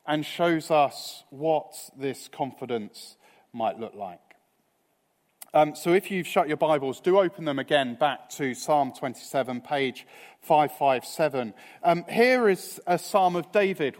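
Measured, slow-speaking man preaching in a hall. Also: fairly high pitch. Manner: earnest, measured, trailing off softly at phrase ends. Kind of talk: evening sermon. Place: church hall. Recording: reverberant hall.

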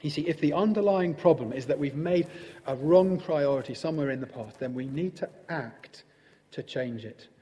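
A man preaching a sermon in a gentle, conversational manner with pauses. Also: a little high, expressive, long reverb tail.

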